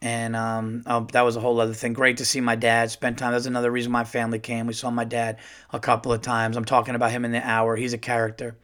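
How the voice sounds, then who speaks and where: A middle-aged man, a stand-up comedian hosting his own podcast, tells a loose, animated story full of fillers. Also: mid-range voice, quick pace. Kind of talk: casual solo podcast storytelling.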